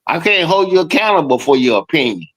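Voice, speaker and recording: A man in a casual podcast chat, talking while he eats, animated and full of swearing. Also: fairly high pitch, quick pace, poor audio. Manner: profane, animated, talks while eating. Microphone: streaming call.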